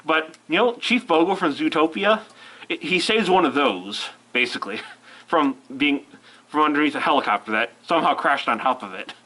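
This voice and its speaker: Male reviewer with a cold, rambling and self-interrupting, fairly high, bright and forceful. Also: animated, normal speed, poor audio. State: fighting a cold. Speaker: movie reviewer. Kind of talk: casual rambling film review.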